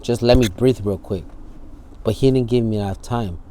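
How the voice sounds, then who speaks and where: A man's voice: medium pitch, moderate pace, warm tone, a little hiss or hum. A man, speaking in a candid documentary interview. He tells his story vividly, acting out the scenes and swearing freely. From San Francisco Bay Area.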